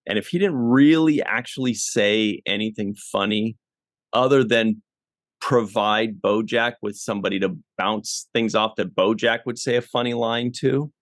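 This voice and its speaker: A man's voice: on the low side, a little slow, no room sound, studio quality. A man hosting a casual podcast, asking questions and teasing his guests. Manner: joking, teasing. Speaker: podcast host.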